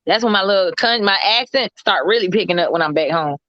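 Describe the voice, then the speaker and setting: A woman's voice: medium pitch, fast, a bit bright, no room sound, lo-fi sound. A woman from Mississippi, chatting casually and laughing as she talks. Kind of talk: casual chat.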